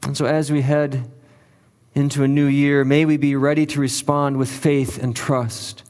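A man's voice: medium pitch, level tone, a little slow, darkish tone, smooth, big-room sound. A male pastor preaching a sermon in an earnest, emphatic way, leaning on repeated phrases for weight.

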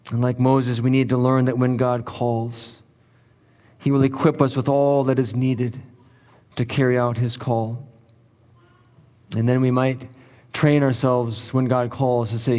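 A man's voice: medium pitch, level tone, a little slow, pauses often, dark tone, long reverb tail. A male pastor preaching a sermon in an earnest, emphatic way, leaning on repeated phrases for weight.

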